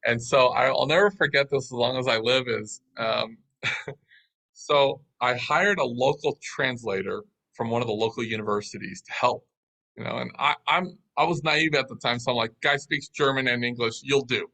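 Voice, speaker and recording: A man telling a business story as an interview guest, in a lively, anecdotal way. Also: medium pitch, moderate pace, creaky, poor audio.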